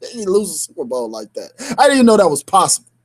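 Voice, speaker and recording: A man's voice: sits high, wildly swooping pitch, a little fast, breathy edge. A man co-hosting a sports radio show, ranting heatedly in slang-filled talk with bursts of laughter.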